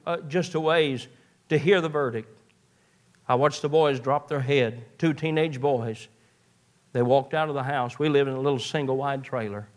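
A man from eastern Kentucky preaches a sermon in a folksy storytelling way, often stammering and restarting his words. His voice is fairly high-pitched with a fairly bright tone.

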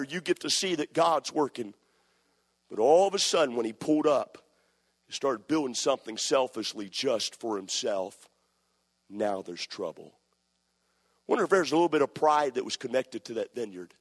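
Male pastor, impassioned sermon, mid pitch, long church-hall reverb. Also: lively intonation, moderate pace. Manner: impassioned preaching, swings from shouting to quiet storytelling. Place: church sanctuary.

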